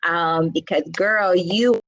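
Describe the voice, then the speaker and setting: A woman's voice: on the low side, takes it slowly, no room sound, lo-fi sound. A woman hosting a live wellness session, speaking in a casual, reflective way with many fillers and asides to her viewers. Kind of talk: casual live-stream talk.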